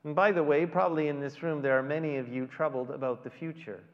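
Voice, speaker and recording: A middle-aged male pastor preaching a conversational sermon in a church, with dramatic pauses. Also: a little high, steady tone. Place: large church hall. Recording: dull audio with long hall reverb.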